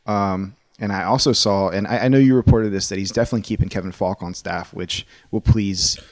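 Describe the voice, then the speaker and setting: A man's voice: lowish voice, fairly even intonation, a little fast, no echo, studio quality. A man co-hosting a sports podcast, talking in a casual, opinionated and rambling way, with frequent restarts.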